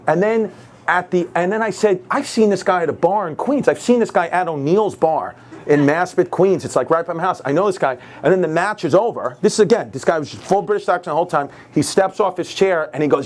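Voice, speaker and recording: High-voiced new guy doing standup, all worked up, loud room noise behind. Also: normal speed. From New York. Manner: excitable, jumps into acted quotes, laughing audience. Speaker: stand-up comedian. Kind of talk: stand-up storytelling.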